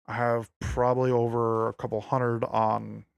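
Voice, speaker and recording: A man in casual gaming chat, talking in a low-key, mumbled way. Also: flat delivery, unhurried, vocal fry, smooth, dry recording.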